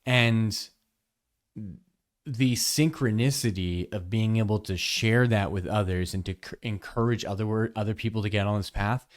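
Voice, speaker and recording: A man's voice: fairly low pitch, moderate pace. A man who teaches yoga, hosting his podcast and telling a personal story in a frank, emphatic, conversational way. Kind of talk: candid podcast monologue.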